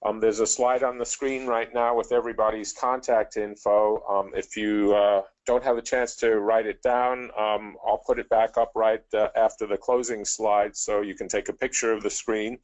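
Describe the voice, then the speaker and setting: A man's voice: fairly low pitch, flat delivery, normal speed, hardly any pauses. A man moderating a webinar, giving polite closing remarks with frequent "um" fillers, over dull lo-fi call audio.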